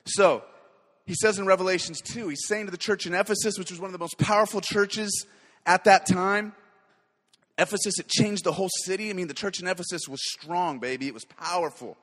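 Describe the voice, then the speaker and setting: Fervent high-voiced male preacher in a hall. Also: a little fast. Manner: fervent, swings between quiet and loud. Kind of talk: sermon.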